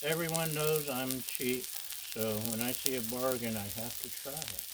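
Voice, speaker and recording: A man hosting a casual cooking vlog, talking in a slow, rambling, folksy way with many fillers. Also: medium pitch, steady tone, background noise. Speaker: cooking channel host. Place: outdoor griddle cook station. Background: food sizzling on a griddle.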